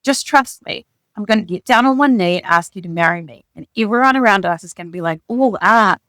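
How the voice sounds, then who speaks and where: A woman reading the part of an excitable young man who proposes, speaking in an earnest, gushing rush. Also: medium pitch, dry recording, close to an everyday voice. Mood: excited. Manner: earnest, gushing, rapid declarations.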